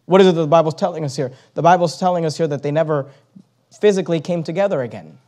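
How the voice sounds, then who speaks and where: A man's voice: fairly high pitch, fast, warm tone. A man preaching a sermon, acting out imagined conversations with sudden rises and drops in his voice. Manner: acts out imagined dialogue, rises and falls sharply.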